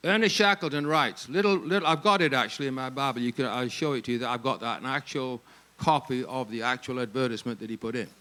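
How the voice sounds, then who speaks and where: An English man speaking at a ministry staff gathering, telling humorous stories in an animated, jokey way and laughing often. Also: medium pitch, fast. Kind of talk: humorous storytelling talk.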